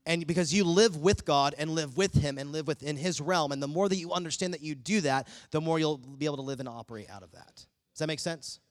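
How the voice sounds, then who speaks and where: A middle-aged male preacher with a notably high voice tells a story from the pulpit, acting out each line of dialogue with lively energy. The sound is dry and close, with no room echo. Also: brisk. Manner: animated storytelling with acted-out dialogue. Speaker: pastor. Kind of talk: sermon.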